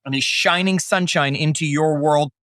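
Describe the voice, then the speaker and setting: Bright-voiced, hyped male podcast host. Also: on the high side, normal speed, no echo, clean studio sound. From Canada. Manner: hyped, jokey showman delivery. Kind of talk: upbeat podcast intro and interview.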